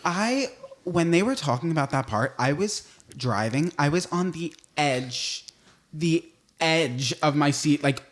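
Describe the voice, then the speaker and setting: A man's voice: fairly high pitch, lively intonation, a little slow. A man with a New York accent co-hosting a podcast, blunt and joking in casual chat. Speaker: podcast co-host.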